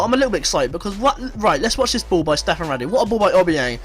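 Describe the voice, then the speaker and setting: A young gaming video creator with a high, racing voice gives casual commentary over a football management game. He swears, pokes fun at himself, and bursts into excited outbursts.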